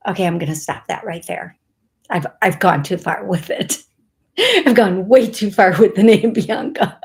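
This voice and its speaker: A woman's voice: medium pitch, expressive, moderate pace. A woman hosting a live psychic reading, rambling and playful, laughing often and spelling out names as she goes. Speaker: psychic medium host.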